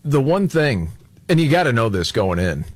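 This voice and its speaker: A man co-hosting a radio talk show, joking with quick quips. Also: mid-range voice, sing-song, husky, no echo. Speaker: radio co-host. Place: radio studio.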